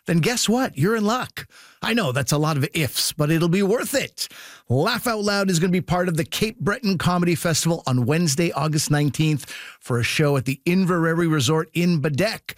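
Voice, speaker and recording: A man's voice: fairly high pitch, no echo, clean studio sound. A man hosting a radio comedy show, reading promos and credits in an upbeat way. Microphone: close studio microphone.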